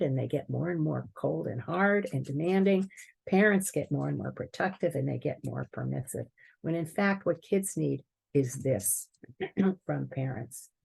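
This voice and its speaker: Woman presenter, gravelly and husky, earnest and explanatory, prepared talk. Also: deep voice, a little mellow. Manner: earnest, explanatory, occasional throat clearing.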